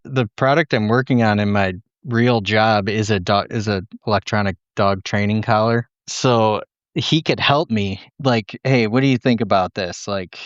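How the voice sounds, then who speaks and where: A man in casual chat, laying out a product idea in a relaxed way. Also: fairly low pitch, normal speed, dry recording, lo-fi sound. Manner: relaxed, thinking aloud. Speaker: co-host.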